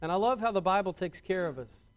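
A man's voice: sits high, lively intonation, fast, clear, resonant tone. A man preaching a sermon to his congregation in a conversational way, often restarting and repeating words and asking the congregation questions. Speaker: pastor.

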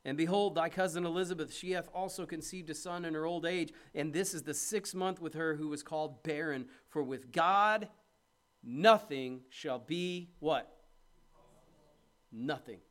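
A man's voice: on the high side, steady tone, moderate pace. A man preaching a sermon in a conversational way, building to emphatic peaks. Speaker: pastor.

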